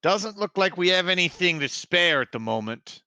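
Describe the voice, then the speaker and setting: A man voicing a cautious, hospitable male leader of a mining village, who speaks in halting phrases. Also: high voice, expressive, sharp tone, no echo, voice pushed up, full character voice. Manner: hesitant, halting.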